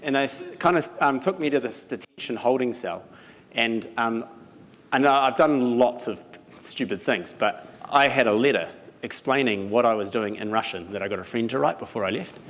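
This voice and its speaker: A young man from New Zealand with a New Zealand accent, giving an animated storytelling talk at a live event, laughing as he goes. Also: medium pitch, normal speed. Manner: animated, laughing as he tells stories. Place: event venue. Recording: reverberant hall, some noise.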